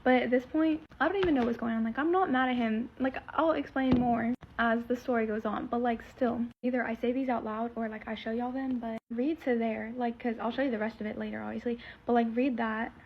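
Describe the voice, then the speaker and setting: A woman's voice: a little high, steady tone, a little fast, hardly any pauses, slight background noise. A teenage girl telling a story in a casual vlog, rambling and full of fillers as she retells something emotional. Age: teens. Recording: slightly muffled lo-fi recording.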